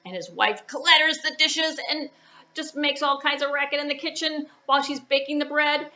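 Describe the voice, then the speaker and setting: A woman telling a story to children in an animated, expressive way while presenting a library puppet show. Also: high voice, moderate pace, muffled recording.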